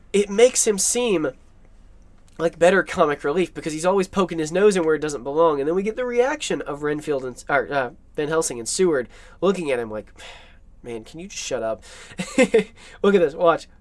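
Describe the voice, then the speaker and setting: A man giving an enthusiastic, rambling film-analysis commentary over clips, often correcting himself mid-sentence. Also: fairly high pitch.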